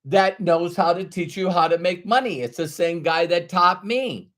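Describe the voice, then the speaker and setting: A man doing the voice of a cheerful, successful male salesman who speaks halting, broken English with a Middle Eastern accent. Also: high-pitched, fairly bright tone. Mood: insistent. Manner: halting, simple sentences.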